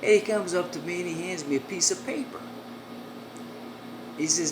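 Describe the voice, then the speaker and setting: A woman telling a comic story in a brisk, animated way. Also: fairly low pitch. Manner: brisk, animated, acts out voices. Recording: echoey room, air-conditioning hum.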